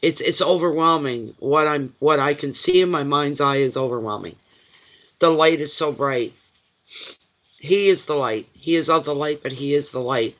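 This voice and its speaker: A man giving a live intuitive reading, emotional and awed, halting and restarting as he talks. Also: fairly high pitch, a bit bright, highs cut off. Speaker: intuitive card reader.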